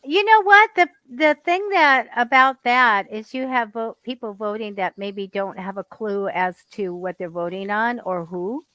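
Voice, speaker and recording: A woman's voice: on the high side, unhurried, hardly any pauses, no echo. A woman, a guest psychic, telling stories animatedly in casual chat. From United States. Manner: animated storyteller, laughs often.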